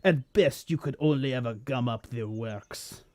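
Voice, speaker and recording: A man's voice: medium pitch, big pitch swings, measured pace, warm tone. A man voicing a gloating male villain rolling in a hamster ball, mocking and scornful. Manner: mocking, scornful, laughing at his foe.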